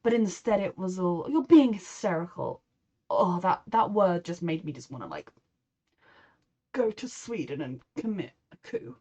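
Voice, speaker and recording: Expressive and fairly low-pitched, with a darkish tone and moderate pace, this English reaction host talks through a show emotionally and at length, slipping into mock voices for quotes.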